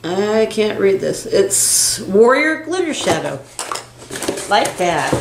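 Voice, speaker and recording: A woman's voice: medium pitch, slow pace. An older woman co-hosting a beauty channel, chatting casually and gasping with delight as she unboxes makeup gifts. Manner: gushing, gasping with excitement, chatty. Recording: echoey room with faint hiss.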